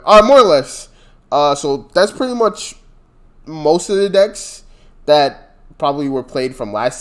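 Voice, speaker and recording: Male podcast co-host, slightly higher voice, very lively pitch, casual and laughing. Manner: animated, laughs often, trails off mid-thought. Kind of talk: casual gaming podcast chat.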